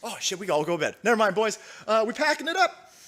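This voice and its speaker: A man's voice: sits high, sing-song, fast, a bit bright. Profane mocking male livestreamer. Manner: profane, mocking, laughs often. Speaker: livestream host. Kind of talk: political commentary livestream.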